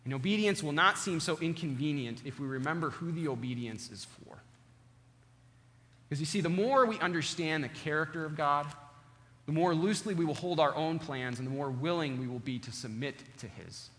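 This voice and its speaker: A male pastor preaching a sermon, earnest and deliberate, slowing down to stress key words, in a church sanctuary. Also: a little high, lively intonation, a bit bright. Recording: long hall reverb.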